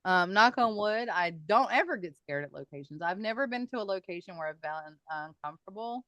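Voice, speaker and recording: Animated woman telling ghost stories. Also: mid-range voice, brisk, dry recording, dull audio. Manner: animated storyteller, laughs often. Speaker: guest paranormal investigator. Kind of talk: casual podcast storytelling.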